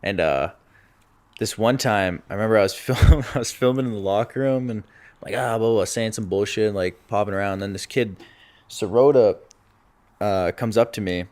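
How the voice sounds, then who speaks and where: A young man co-hosting a casual podcast with a slightly low voice. He tells stories in a loose, animated way and laughs through the funny parts. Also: normal speed. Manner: animated storyteller, laughs through his own story. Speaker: podcast co-host. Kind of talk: casual chat.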